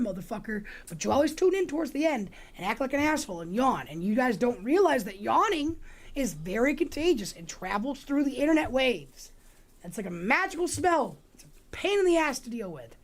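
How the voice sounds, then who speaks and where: A woman hosting a livestream, chatting in a rambling, joking, profane way. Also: high voice. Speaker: livestream host. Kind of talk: casual rambling chat.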